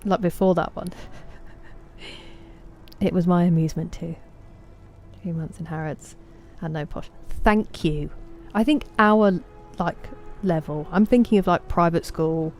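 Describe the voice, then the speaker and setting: Chatty English streamer woman, mellow voice. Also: lowish voice, fairly even intonation, a little slow, faint music behind. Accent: English Estuary. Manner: chatty, answers chat messages by name. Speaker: streamer playing a game. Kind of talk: casual live-stream chat with viewers.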